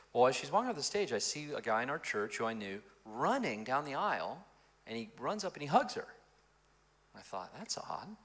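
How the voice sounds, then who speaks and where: Bright, animated male pastor. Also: on the low side. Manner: animated, expressive storyteller. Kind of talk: storytelling in an interview.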